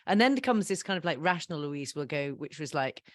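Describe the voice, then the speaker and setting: A woman in her fifties tells stories as a guest in a relaxed interview. She is animated and laughs often at her own mishaps. Her voice sits a little low and sounds close and dry. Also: brisk, dry recording. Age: 50s. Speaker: podcast guest. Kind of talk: casual storytelling interview.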